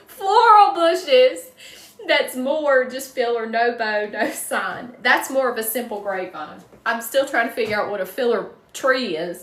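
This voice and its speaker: A woman's voice: mid-range voice, fairly bright tone. A woman from North Carolina with a Southern accent, chatting casually and greeting viewers by name while she designs a wreath on a live stream. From North Carolina, USA. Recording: roomy echo, distant mic.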